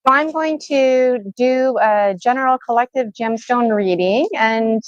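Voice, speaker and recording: A woman co-hosts a live stream, chatting loosely and thinking aloud as she goes. Her voice is smooth and clear, recorded dry over slightly dull stream audio. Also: on the high side, measured pace, dry recording. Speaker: co-host and gemstone reader. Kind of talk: casual livestream talk. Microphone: video call.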